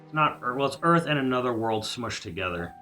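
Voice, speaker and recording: Casting: chatty gaming host, animated pitch, game music clearly under him. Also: male voice, fairly quick. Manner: explaining, chatty. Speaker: let's play host. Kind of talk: casual gaming chat.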